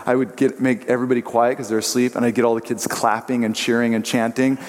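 A man pastor preaching a sermon in a church, animated and joking as he tells personal stories. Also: medium pitch, fast talker, in a large hall. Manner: animated, joking storyteller who slips into voices.

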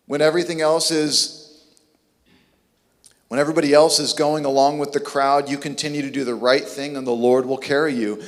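A man's voice: mid-range voice, big-room sound. A man preaching a sermon, emphatic and repeating key words for effect.

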